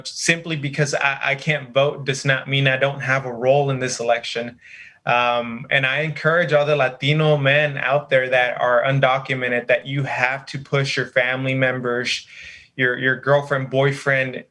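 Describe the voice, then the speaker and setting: A man speaks earnestly as a guest, his voice bright and steady in pitch. He pauses often with fillers and keeps a sincere, measured tone. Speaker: activist guest. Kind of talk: earnest testimony.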